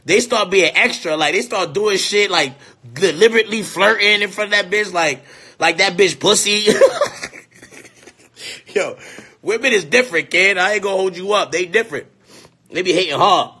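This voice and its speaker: A man's voice: high voice, moderate pace, pauses often, slightly rough. A man delivering a crude, brash ranting monologue to camera. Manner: brash, crude, loud and often laughing. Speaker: vlogger.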